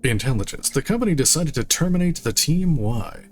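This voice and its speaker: A man's voice: medium pitch, expressive, fairly quick, slight background noise. Dry, jokey man streaming a game. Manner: reads dialogue options aloud, dry jokey asides. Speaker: streamer playing a video game. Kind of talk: casual gameplay commentary.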